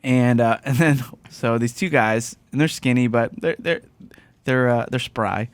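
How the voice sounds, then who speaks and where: A man's voice: medium pitch, measured pace, smooth, no echo. Laughing man telling a story. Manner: rambling anecdotal, laughs a lot. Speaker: podcast host. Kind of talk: casual chat, storytelling.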